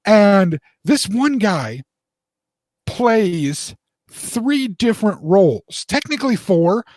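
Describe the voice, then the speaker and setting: Man, 40s, podcast co-host; higher-pitched voice, dry and close, chatty storyteller who restarts his sentences. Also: slow pace, no room sound. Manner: rambling, animated storyteller with restarts. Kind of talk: casual storytelling chat.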